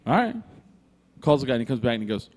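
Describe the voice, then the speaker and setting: A man's voice: medium pitch, quick pace. A man telling a long, profane story in casual chat, acting out the other people's lines. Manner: profane, animated, acts out dialogue. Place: brewery.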